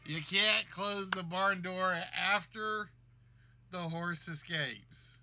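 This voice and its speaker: Jokey male livestream game host with a high, very bright voice. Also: steady tone, slow pace, a little hiss or hum. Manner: jokey, reads guesses aloud. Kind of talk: livestream game show hosting.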